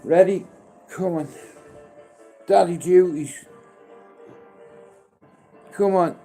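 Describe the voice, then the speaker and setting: A man in his fifties on a casual live stream, mixing coaxing sing-song baby talk and sudden loud calls with rambling, heartfelt chat. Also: high voice, very slow, faint music behind. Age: 50s.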